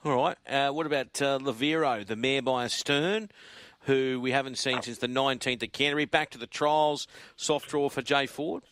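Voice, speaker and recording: A man's voice: mid-range voice, moderate pace, a bit bright, slight background noise. A man hosting a radio racing interview, casual, now and then stumbling over horse names.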